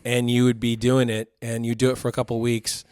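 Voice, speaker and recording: A man in casual podcast chat, relaxed and quick to laugh along. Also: mid-range voice, smooth, no room sound, studio quality.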